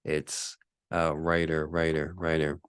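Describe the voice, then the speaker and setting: A man with a very low, deep voice talks through a casual solo podcast from his apartment. He rambles and swears, circling back with fillers and restarts. The sound is close and dry. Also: monotone, slow, clean tone, no room sound. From Hawaii. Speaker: podcast host.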